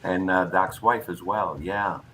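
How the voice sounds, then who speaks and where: An older man, a guest entertainer, telling lively stories in a casual interview chat. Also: deep voice, measured pace, a little hiss or hum, rough recording. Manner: lively storyteller, acts out voices in anecdotes.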